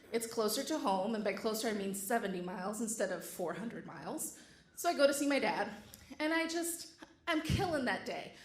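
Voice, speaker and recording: A woman's voice: fairly high pitch, echoey room. A woman telling a true story on stage with a wry, comic delivery. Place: stage before a live audience.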